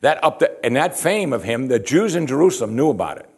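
With a gravelly, husky, medium-pitched voice, a man preaches animatedly and a little fast. His sermon goes verse by verse through the Bible, reading scripture and explaining it with rhetorical questions and many a "you see."

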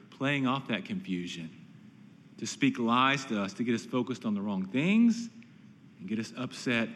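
A man's voice: mid-range voice, big-room sound, a little hiss or hum. A pastor preaching an earnest, emphatic sermon, often repeating words as he builds a point.

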